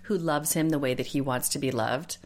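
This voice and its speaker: A woman's voice: deep voice, a little fast. A woman co-hosting a podcast in casual recap chat, emphatic and opinionated as she rants. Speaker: podcast co-host.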